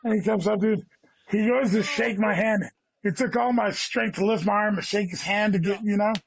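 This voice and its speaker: This man, a guest comedian, speaks high with vocal fry at a moderate pace, rambling through a long, casual story. Swearing comes often and "dude" nonstop. The recording is dry, with a dull lo-fi quality.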